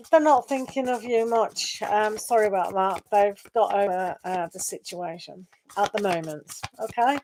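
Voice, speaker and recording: A woman's voice: mid-range voice, slight background noise, rough recording. A woman doing a live tarot reading, chatting and reassuring viewers by name and laughing often. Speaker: tarot reader.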